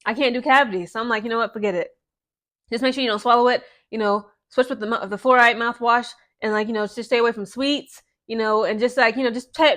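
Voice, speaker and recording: A woman's voice: fairly high pitch, a bit bright. A woman hosting a casual commentary monologue, talking to viewers in a repetitive, conversational way that grows heated and emphatic. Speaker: commentary channel host.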